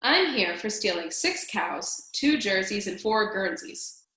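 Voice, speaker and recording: Storybook: a rough-talking, remorseful prisoner, read by a woman, roomy echo. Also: mid-range voice, sing-song, unhurried, bright, forceful tone. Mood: confessing. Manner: rough, folksy grammar. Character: gruff guilt-ridden male prisoner.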